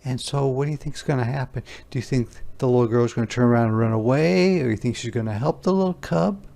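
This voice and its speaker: A man teacher reading a picture book aloud to young children, slow and gentle, asking them questions as he goes. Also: mid-range voice, creaky. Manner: slow, gentle, asks the listener questions, voices animal sounds.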